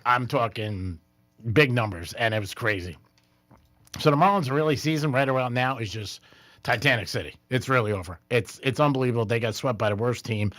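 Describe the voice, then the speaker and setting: A man's voice: medium pitch, a little fast, fairly bright tone, no echo. Joking male sports radio host, dry sound. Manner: joking, laughs often, talks about betting. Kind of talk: casual sports radio banter. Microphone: studio microphone.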